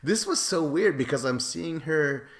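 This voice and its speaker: A man's voice: a little high, animated, measured pace. A man co-hosting a podcast, chatting casually about a reality show with crude, profane jokes. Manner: crude, joking, profane banter. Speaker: podcast co-host.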